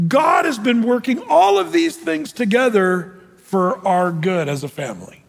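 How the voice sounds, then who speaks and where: A pastor putting on a forgiving, powerful man pleading with his family, his voice lifted high and emphatic. The words ring out into a long hall reverb. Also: lively intonation, unhurried, gravelly, heavily acted. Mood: reassuring. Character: forgiving grown male ruler, reassuring his brothers.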